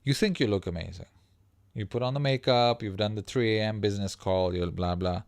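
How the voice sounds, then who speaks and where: A man hosting a casual livestream as a life coach, talking in a profane, animated way that breaks into laughs mid-sentence. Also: fairly low pitch, brisk, creaky, no echo, studio quality.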